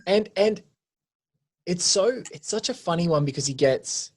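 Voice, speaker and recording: Animated man chatting about films. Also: high voice, unhurried. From Virgin Islands. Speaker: podcast co-host. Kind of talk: casual film chat.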